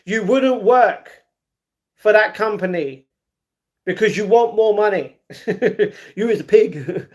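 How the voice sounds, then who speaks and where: High-voiced man on a chatty livestream. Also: slow, long pauses. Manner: reads viewers' chat aloud and argues back; excited ringside-style reactions to a fight he is watching. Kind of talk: casual livestream chat.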